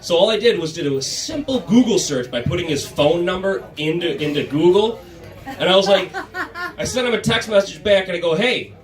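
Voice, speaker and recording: A young man doing stand-up, telling a long personal story in a conversational, deadpan way with many filler pauses. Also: a little high. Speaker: stand-up comedian. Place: comedy club stage before a live crowd. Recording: echoey room, mic from a distance, crowd audible.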